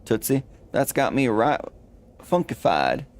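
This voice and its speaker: A man voicing an excitable old-West cowboy sidekick in a put-on drawl with folksy slang. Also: mid-range voice, unhurried. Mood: hollering.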